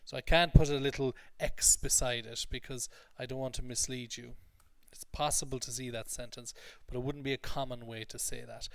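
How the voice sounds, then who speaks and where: A mid-range man's voice with vocal fry and fairly even intonation recaps an English lesson at a moderate pace, barely pausing, in a room with no audible sound. He breaks down usage step by step, repeats himself, and often checks "okay?"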